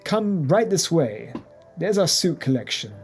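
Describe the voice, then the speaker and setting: A fawning male luxury-store salesman, all syrupy politeness and raised pitch, as a man puts him on. The voice swoops up and down with exaggerated courtesy. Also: big pitch swings, unhurried, gravelly, faint music behind, exaggerated voice. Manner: smarmy, overly polite.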